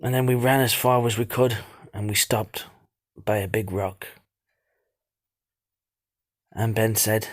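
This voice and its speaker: A man's voice: fairly low pitch, steady tone, takes it slowly, long pauses. A man narrating a tale in a dramatic spoken style, piling on repeated words for effect. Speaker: storyteller.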